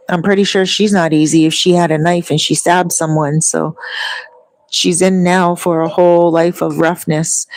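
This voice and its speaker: A woman's voice: fairly low pitch, darkish tone, no room sound, rough recording. A woman talking casually to her viewers, rambling and long-winded as she tells stories. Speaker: vlogger. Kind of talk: casual chat.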